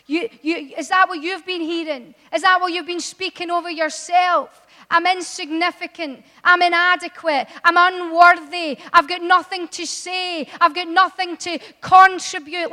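A woman preaching a sermon in a church, impassioned and building to loud, emphatic appeals. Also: very high voice. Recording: long hall reverb.

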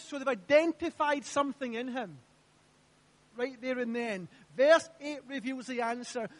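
A man's voice: very high-pitched, unhurried. A man preaching a sermon in church, emphatic and repeating his phrases while asking the congregation questions. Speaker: pastor.

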